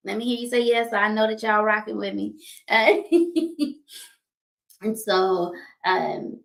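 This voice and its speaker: A woman's voice: mid-range voice, a little slow, vocal fry, a bit bright. A woman hosting a livestream talk show, upbeat and chatty, often laughing and repeating herself. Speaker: host.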